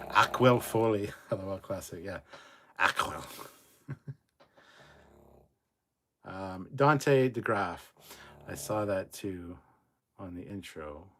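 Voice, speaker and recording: A middle-aged man with a slightly low voice hosts a livestream from his desk mic. He reads viewer comments aloud and answers them in a loose, casual way, swearing freely. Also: fairly bright tone. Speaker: livestream host reading chat. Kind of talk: casual live chat reading.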